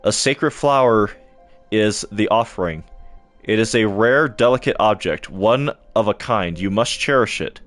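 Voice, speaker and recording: A man's voice: on the low side, a bit bright, faint music behind. A man reading as a mournful female knight. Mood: solemn. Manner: formal archaic phrasing, read aloud haltingly. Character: solemn female bug knight, archaic and mournful.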